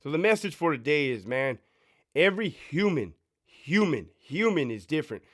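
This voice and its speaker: A man's voice: on the high side, big pitch swings, moderate pace, a bit bright. A man in his thirties, a former prison sergeant, telling stories in a blunt, profane, emphatic way with rhetorical questions. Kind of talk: casual storytime monologue.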